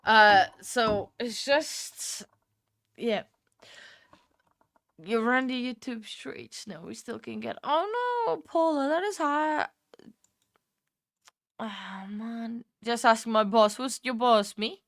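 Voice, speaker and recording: A young woman hosting a livestream, chatting casually with viewers, laughing often and filling pauses with ums. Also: a little high, expressive, a bit bright, dry recording, clean studio sound. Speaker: livestream host. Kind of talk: casual chat with live viewers.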